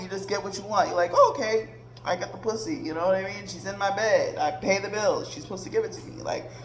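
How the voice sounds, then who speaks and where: A woman's voice: fairly low pitch, a little hiss or hum. A woman hosting a podcast, ranting in a blunt, profane casual monologue. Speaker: podcast host. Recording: roomy echoey recording.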